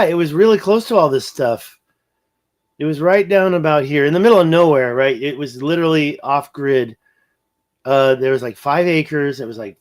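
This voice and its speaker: A man hosting a casual livestream, thinking aloud as he pans over a map and reads viewer comments. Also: on the high side. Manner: rambling, thinking aloud, reading viewer chat. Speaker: livestream host.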